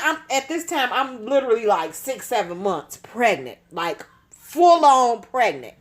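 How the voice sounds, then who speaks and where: A woman spins a casual story for her channel. Her talk is lively and slangy, full of swearing. Her voice sits high and swings widely. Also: moderate pace. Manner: animated, profane, slangy. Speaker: nail artist, channel host.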